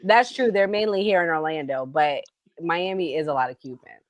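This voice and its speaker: Chatty female co-host, low voice, dry recording. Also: normal speed, no echo. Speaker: podcast co-host. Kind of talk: casual chat.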